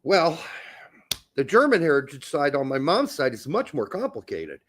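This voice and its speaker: High, lively-voiced joking man. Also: moderate pace. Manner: joking, laughs often, rambling asides. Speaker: co-host. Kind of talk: casual podcast chat.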